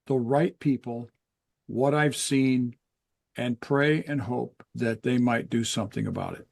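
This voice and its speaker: An older man, a guest author in an interview, explaining in an earnest, measured way with pauses. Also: medium pitch, vocal fry, darkish tone. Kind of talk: interview conversation.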